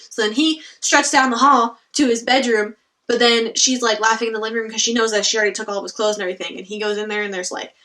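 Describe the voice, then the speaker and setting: Young female book reviewer, casual and exasperated, higher voice, slightly distant mic. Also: quick pace. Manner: animated, exasperated retelling with frequent "like" and laughs. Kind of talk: casual chat.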